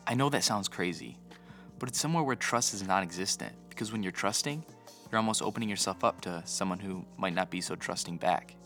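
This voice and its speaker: A man's voice: low voice, a little fast, pushed and bright, faint music behind. A man narrating a podcast story in an earnest, reflective tone. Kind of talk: scripted narration.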